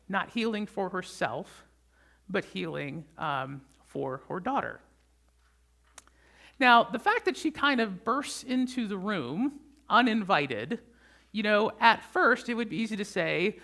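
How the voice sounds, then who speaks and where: A pastor preaching a conversational sermon, often checking in with the congregation with a quick "right?". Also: medium pitch, big pitch swings, pushed and bright.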